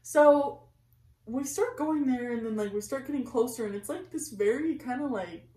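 A young woman co-hosting a podcast, telling stories in casual chat, swearing freely and breaking into loud quoted outbursts. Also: high voice, animated, moderate pace. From California. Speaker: podcast co-host. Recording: echoey room, mic at a distance.

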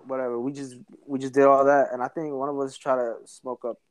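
A man's voice: mid-range voice, flat delivery, brisk, clear, resonant tone, no room sound. A young man casually telling a story to a friend, full of slang and swearing, laughing as he goes. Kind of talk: casual chat.

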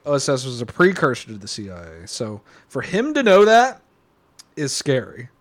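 A man chatting casually while watching a film, animated and laughing as he explains scenes. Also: medium pitch, moderate pace. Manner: animated, laughing, quoting lines. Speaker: movie watch-along commentator. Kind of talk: casual chat over a film.

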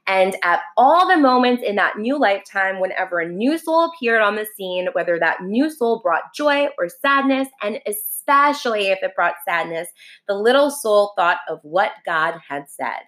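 A woman narrating a storybook in a gentle, unhurried way. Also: fairly low pitch. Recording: roomy echo.

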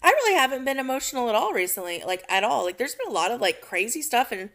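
A young woman, a teacher, co-hosting a casual chat podcast, excitable and laughing as she acts out what people said. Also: on the high side, fast talker.

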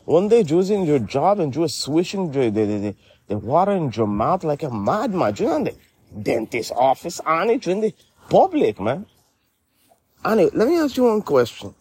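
A man's voice: a little high, very animated, normal speed, darkish tone, breathy edge. A man voicing a brash middle-aged character with a Spanish-inflected English accent who calls everyone honey and rambles in street slang. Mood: indignant. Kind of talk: comedy sketch dialogue.

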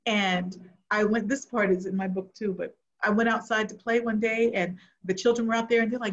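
A middle-aged woman delivers a sermon in an earnest storytelling way, going quiet and hushed at the tender parts. Her voice sits at an ordinary middle pitch. The recording is muffled and slightly lo-fi. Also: fairly even intonation, fairly quick, hardly any pauses. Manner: earnest, storytelling, drops to soft tones for emotional moments. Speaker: preacher. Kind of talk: sermon with personal testimony. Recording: muffled lo-fi sound.

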